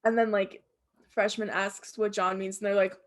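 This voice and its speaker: A woman's voice: medium pitch, flat delivery, moderate pace. A young woman co-hosting a casual podcast, making dry joking asides. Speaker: podcast co-host. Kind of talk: casual chat.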